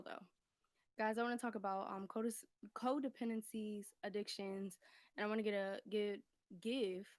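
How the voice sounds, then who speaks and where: A woman's voice: mid-range voice, no echo. A woman doing a casual live-stream tarot reading from home, a little out of breath, rambling and laughing as she checks whether viewers can hear her. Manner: rambling, chatty, laughs often, keeps asking if heard. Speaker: livestream tarot reader. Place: home room, indoors. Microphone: phone.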